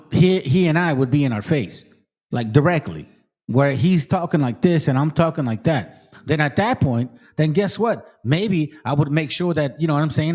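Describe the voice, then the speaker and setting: Animated man in his forties, swearing. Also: fairly high pitch. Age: 40s. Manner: animated, swears a lot, mocks and quotes others. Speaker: channel host reacting to videos. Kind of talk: profane casual commentary.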